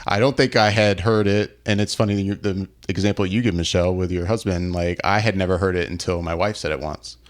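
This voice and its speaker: A man's voice: sits low, steady tone, a little fast, hardly any pauses. A man hosting a podcast, ranting in a casual, profane way. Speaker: podcast host. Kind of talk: casual chat.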